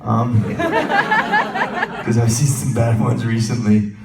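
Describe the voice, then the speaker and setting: A man's voice: medium pitch, wildly swooping pitch, drawn-out words, recorded from a distance, heavy background noise. Jokey american man in an echoey hall. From United States. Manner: chatty, jokey, laughs often. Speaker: convention panel guest. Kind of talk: live convention Q&A. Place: convention hall with audience.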